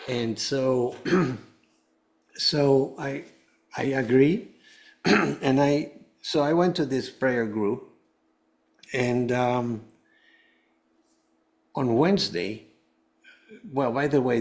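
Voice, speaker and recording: A man's voice: mid-range voice, slow pace, long pauses, a little mellow. A man, a guest on a show, giving an earnest personal testimony in a meandering way, often restarting his sentences. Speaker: guest, cancer survivor. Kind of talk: personal testimony told to a host.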